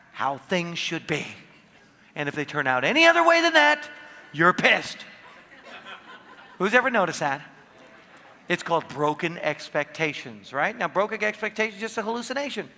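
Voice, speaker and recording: A man giving a motivational seminar talk, animated and playful, acting out quotes in his stories. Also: high voice, long reverb tail. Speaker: seminar speaker. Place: large hall with audience.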